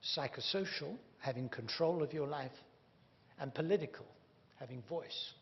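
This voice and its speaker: A man's voice: fairly high pitch, normal speed. A man giving a public lecture, emphatic and wry, leaning hard on key words. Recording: dull reverberant hall recording with faint hum.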